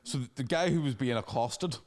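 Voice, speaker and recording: A young adult man, co-hosting a casual comedy podcast and telling animated stories. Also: medium pitch, fairly quick. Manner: animated storyteller, mimics angry locals with shouted swearing. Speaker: podcast co-host.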